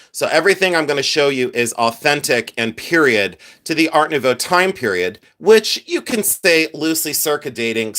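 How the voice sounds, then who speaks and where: His voice is mid-range, pushed and bright: a middle-aged man, stuffed up from his sinuses, rambling through a casual live-stream chat. He collects jewelry, hosts the stream, and stops often to thank viewers.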